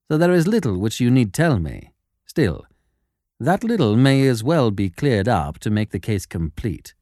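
A man voicing a cool, shrewd detective who speaks in a measured, quietly sardonic way in an audiobook. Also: medium pitch, no echo, clean studio sound, pitched below the performer's own voice. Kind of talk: audiobook character voice.

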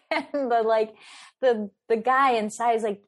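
A woman's voice: a little high, a little slow. Bubbly woman telling a story, laughing. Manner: animated, laughing often, many filler words. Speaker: guest storyteller. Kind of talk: casual anecdote in conversation.

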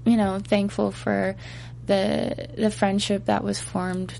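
A woman singer being interviewed in casual chat, hesitant, pausing with fillers and laughing easily. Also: medium pitch, level tone, vocal fry, dark tone, slight background noise. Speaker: singer guest.

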